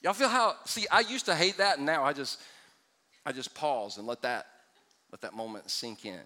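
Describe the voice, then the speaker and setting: A male pastor preaching a sermon, joking with the congregation and dropping from loud exclamations to hushed asides. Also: fairly high pitch, lively intonation, normal speed. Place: church sanctuary before a congregation. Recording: church hall with long reverb.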